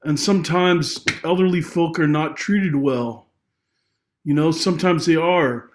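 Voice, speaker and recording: A man's voice: fairly high pitch, a little slow. Agitated, rambling man with a raised voice. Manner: emotional and rambling, with many restarts and apologies; agitated, voice rising when angry. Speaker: vlogger giving social commentary. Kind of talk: unscripted personal monologue.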